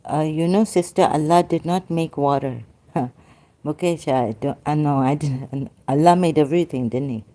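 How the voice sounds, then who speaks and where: A woman in an unscripted debate, talking hesitantly with many fillers and restarts, and admitting she gets hyper and struggles to keep her voice gentle. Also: sits low, moderate pace. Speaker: debater in an online religious discussion.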